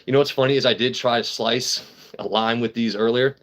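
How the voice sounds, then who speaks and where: A man with an average-pitched voice hosts a loose livestream and talks straight to his chat. His talk is crude and rambling, full of jokes and casual swearing. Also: fairly even intonation, a little fast, fairly bright tone, slight background noise. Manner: crude, joking, swears freely. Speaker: livestream host.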